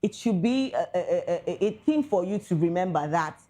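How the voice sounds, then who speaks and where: A young Nigerian woman with a Nigerian accent hosting casual celebrity gossip commentary, excitable, mixing pidgin with English, with big swings in pitch and loudness. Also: normal speed. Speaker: entertainment news host.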